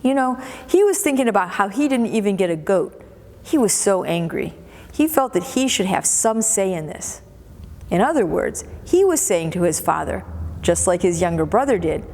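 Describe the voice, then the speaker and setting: A woman pastor with a low-leaning, darkish voice preaches a sermon in a church sanctuary, repeating words for emphasis as she tells the story with feeling. There is a long church reverb and slight background noise.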